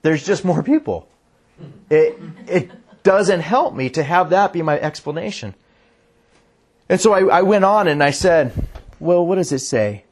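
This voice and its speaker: Husky-voiced man preaching earnestly. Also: lively intonation. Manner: reads scripture in a lower, slower voice, then speeds up; earnest, restarts sentences. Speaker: pastor. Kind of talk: sermon.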